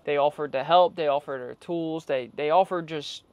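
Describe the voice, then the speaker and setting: A man from the US East Coast vlogging casually outdoors, telling his story emphatically with sudden louder bursts. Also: fairly high pitch, moderate pace, no echo. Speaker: vlogger living in a bus. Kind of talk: casual vlog to camera. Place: outdoors in a city street.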